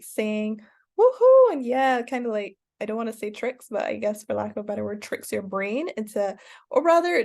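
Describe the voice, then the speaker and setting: A woman talking through an online lesson in a loose, rambling way, full of fillers and restarts. Her voice sits a little high and carries a gravelly fry. Now and then she breaks into excited cheering. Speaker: online course teacher. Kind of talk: casual spoken lesson.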